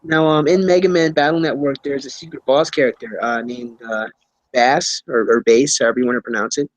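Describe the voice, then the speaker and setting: A man's voice: medium pitch, steady tone, quick pace, low-quality recording. A young man answering interview questions casually, rambling with many fillers and restarts. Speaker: YouTuber being interviewed.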